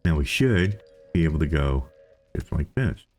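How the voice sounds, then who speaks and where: Deep-voiced man chatting through gameplay. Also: lively intonation, moderate pace, a little mellow, soft background music. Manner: chatty, repeats himself while thinking aloud; playful self-talk. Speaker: let's play host. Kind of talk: casual gameplay commentary.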